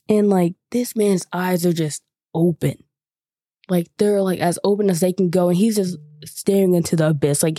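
A woman's voice: on the low side, mellow, no room sound, studio quality. Chatty young woman telling stories. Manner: chatty, lots of 'like' fillers. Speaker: podcast host. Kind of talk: casual storytelling.

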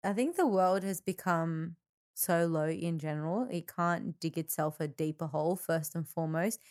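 A woman's voice: fairly low pitch, normal speed, a little mellow, dry recording, studio quality. An Australian woman co-hosting a podcast, chatting casually in a brash, joking way. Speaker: podcast co-host.

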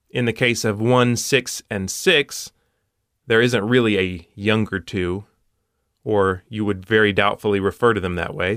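A man with a fairly low voice hosts a puzzle show, reasoning through each solution in a steady, methodical way. He drops dry puns along the way. The sound is close and dry, with no room around it. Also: no room sound. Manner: methodical, with dry punning asides.

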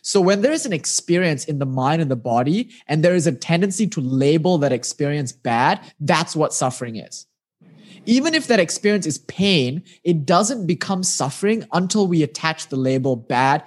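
A man with a slightly raised voice guides a listener through meditation exercises in a patient, gently instructive tone. He talks casually and with animation, as if on a video call. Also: a little high, lively intonation, normal speed. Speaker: meditation teacher.

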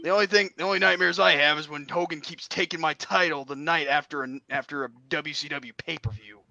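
A man doing a comedic impression of an intense older male pro wrestler, with a gravelly, drawling delivery. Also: a little high, steady tone, a little fast, sharp tone, no echo, muffled recording, full character voice. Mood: grumbling. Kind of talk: comedic impression role-play.

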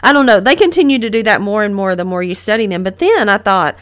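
Fast and animated, a middle-aged woman with a mid-range voice hosts a podcast Bible lesson. She keeps it casual and earnest as a devotional teaching, putting questions to the listener.

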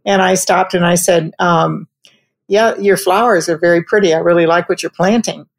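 Gravelly low woman telling a story. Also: steady tone. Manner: reflective, halting, with frequent restarts. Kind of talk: personal anecdote told conversationally.

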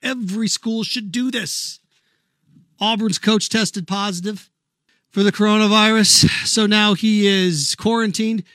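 A man's voice: high-pitched, fairly bright tone, no room sound, studio quality. A man hosting an opinionated sports talk monologue, blunt and sarcastic. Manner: blunt, sarcastic, mocks callers with put-on voices. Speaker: radio sports talk host.

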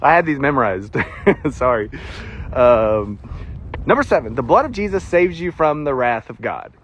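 A man's voice: mid-range voice, big pitch swings, normal speed, muffled recording, slight background noise. A man with a Southern US accent preaching a casual sermon, chatty and self-deprecating, laughing often as he talks.

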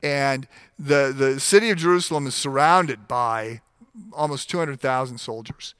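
A man preaching a sermon, animated, acting out the voices in the scripture stories as he goes. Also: medium pitch, normal speed, clean tone, no echo. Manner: frequent restarts and fillers while explaining. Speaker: pastor.

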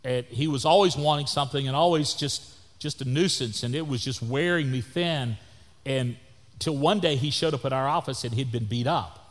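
A man, a pastor telling a story in a sermon, folksy, swinging between loud and soft. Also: mid-range voice, normal speed. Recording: long hall reverb.

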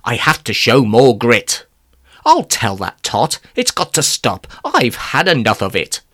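A man's voice: huge pitch swings, a little slow, a bit bright, heavily acted. A man voicing a fretful, panicky schoolboy in a storybook reading. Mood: determined. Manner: fretful, high-pitched panic. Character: anxious schoolboy.

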